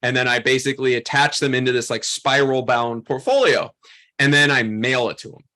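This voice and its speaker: A man teaching a photography workshop, telling a story in an animated, chatty way full of "like" and "um". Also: mid-range voice, brisk. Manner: animated, chatty, heavy use of "like" and "um". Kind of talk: storytelling lesson to a class.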